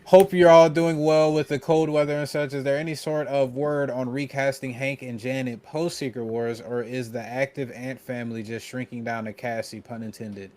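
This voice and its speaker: Male podcast co-host, steady matter-of-fact reader, mid-range voice. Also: mid-range voice, normal speed, few pauses. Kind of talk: casual podcast chat, reading out an article and Q&A.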